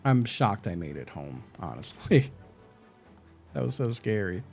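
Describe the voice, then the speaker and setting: A man's voice: fairly low pitch, sing-song, unhurried, creaky, a little mellow, soft background music. A man live-streaming a game, chatting casually, narrating his own moves and greeting his viewers. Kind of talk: casual gameplay chat.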